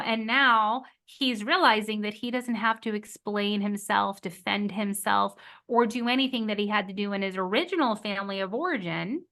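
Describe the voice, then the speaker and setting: A woman therapist explaining relationship skills in a podcast interview, animated and acting out quoted lines. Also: mid-range voice, normal speed. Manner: animated, acts out quoted voices of clients. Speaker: marriage and family therapist guest.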